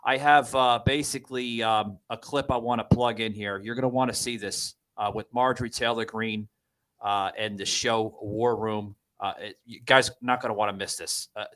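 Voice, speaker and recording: A man's voice: on the low side, steady tone, normal speed, fairly bright tone. A man hosting a political talk podcast, stumbling over repeated words before building to indignant, emphatic points. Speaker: podcast host.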